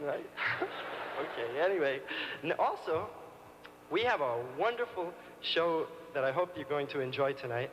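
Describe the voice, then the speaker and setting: A man with a high voice performs live before an audience, coaxing them along with a childlike manner. His voice rings out with a long reverb in the hall. Audience noise is clearly heard behind him. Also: animated, normal speed, highs cut off. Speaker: comedian performing on stage. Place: large concert hall stage.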